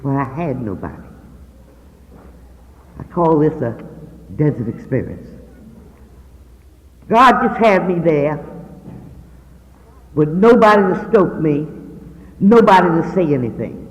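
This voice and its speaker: Washington D.C. woman sharing her recovery story at a meeting, swinging pitch, long hall reverb. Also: slow, pauses often, slight background noise. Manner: lively, acts out the voices of the people in her story. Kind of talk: personal storytelling share.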